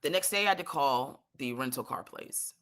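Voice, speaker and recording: Woman, low voice, bright forceful tone, animated profane comic storytelling, exasperated. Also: normal speed. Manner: animated, exasperated, swears freely.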